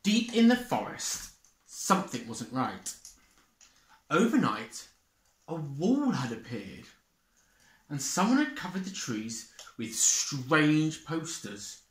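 A woman drag queen reading a children's picture book aloud in an expressive, theatrical way. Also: extremely low pitch, slow pace, long pauses, echoey room. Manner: expressive, theatrical, swooping between whispers and loud calls. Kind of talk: children's story read-aloud.

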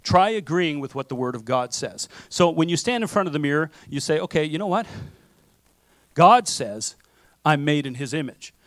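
A man pastor with a slightly higher voice preaches in a relaxed, conversational way and keeps checking in with his listeners. He acts out the things people tell themselves. The sound is close and dry, with almost no room around it. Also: moderate pace, no room sound. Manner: conversational preaching with frequent "okay?" and acted self-talk. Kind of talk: sermon. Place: church sanctuary.

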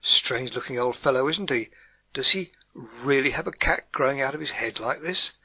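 A man's voice: medium pitch, normal speed, sharp tone, slightly rough, dry recording, exaggerated voice. A man doing a cheeky blunt Cockney woman.

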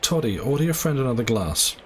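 A man's voice: mid-range voice, sing-song, a little fast, a little hiss or hum, lightly acted. A man reading the part of a coarse, vulgar stranger who talks rudely and boasts. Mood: boastful. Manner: rude, boastful.

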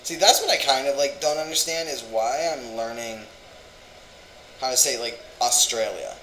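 A man's voice: mid-range voice, lively intonation, moderate pace, pushed and bright. Young-sounding guy for a casual vlog, rambles and sounds words out aloud, echoey room with light hum. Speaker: vlogger. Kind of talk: casual language-learning vlog.

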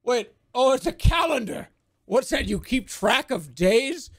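A man's voice: very high voice, very animated, measured pace, creaky, no room sound, pitched above the performer's own voice, full character voice. A man doing a clueless, amazed alien. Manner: rambling and amazed, stammering. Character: clueless excitable alien, male.

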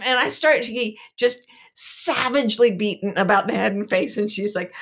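A woman's voice: on the high side, expressive, moderate pace, fairly bright tone. A woman co-hosting a podcast, telling a funny story with dramatic sound effects in casual chat. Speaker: podcast co-host.

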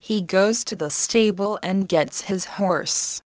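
Woman reading a storybook for learners, slow and clear, dry close sound. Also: medium pitch, no echo. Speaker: narrator.

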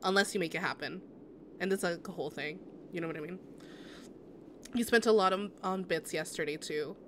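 A woman's voice: fairly low pitch, fairly quick, slight background noise. Sympathetic woman streamer chatting with viewers. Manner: sympathetic, answers chat messages; rambling with many restarts and "like". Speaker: game streamer. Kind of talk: casual live-stream chat while gaming.

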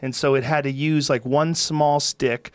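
A man in his fifties hosting a podcast, telling stories in casual chat, animated and profane. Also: mid-range voice, unhurried, no echo. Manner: animated, profane, laughing storyteller. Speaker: podcast host.

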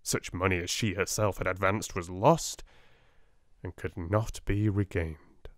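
A man with a British accent reading a classic novel aloud in a gentle, soft-spoken audiobook style. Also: deep voice, fairly even intonation, unhurried, no room sound, studio quality. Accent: British English. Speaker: audiobook reader.

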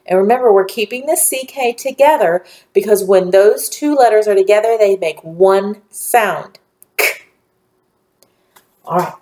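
Woman teacher, slow and clear, roomy sound. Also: mid-range voice, expressive, warm tone. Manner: slow, clear, encouraging teacher talk to young children. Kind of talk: recorded phonics lesson.

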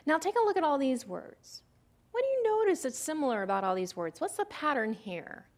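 A woman's voice: sits high, very animated, a little fast. A woman giving a recorded lecture on syllables and phonics, explaining step by step and asking the listener questions. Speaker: literacy presenter.

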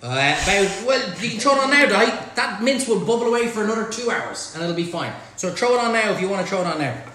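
High-voiced, chatty Irish man cooking live. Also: quick pace. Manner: chatty and excitable, full of exclamations. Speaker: chef host. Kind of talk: live cook-along stream. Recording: very echoey room, faint noise.

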